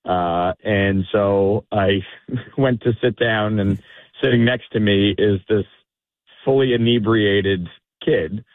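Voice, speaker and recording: A politician calling in to a radio show, telling a story with animation and acting out the quotes. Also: male voice, lowish voice, takes it slowly, no room sound. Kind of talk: anecdote on a call-in radio show. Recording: phone-line call.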